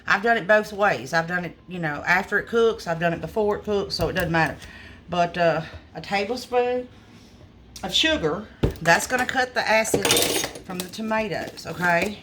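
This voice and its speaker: Woman cook, homey chatty vlog on a phone, mid pitch, faint noise. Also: moderate pace. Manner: homey, chatty, addresses viewers as y'all. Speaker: small restaurant cook. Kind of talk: casual cooking video. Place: restaurant kitchen. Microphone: phone camera.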